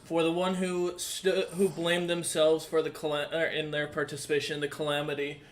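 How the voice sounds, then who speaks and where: Vengeful maned hero, a man plays him, halting solemn vow, faint hiss. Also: on the high side, completely flat delivery, lightly acted.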